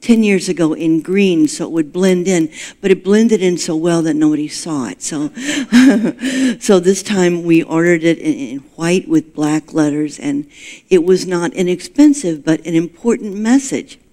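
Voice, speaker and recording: A woman minister delivering a storytelling sermon in a conversational, folksy way, with gentle self-deprecating humor. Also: fairly low pitch, moderate pace.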